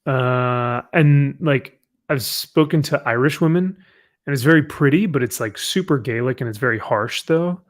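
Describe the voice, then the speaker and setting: A man's voice: mid-range voice, moderate pace. A man chatting casually as a podcast guest, rambling with lots of fillers.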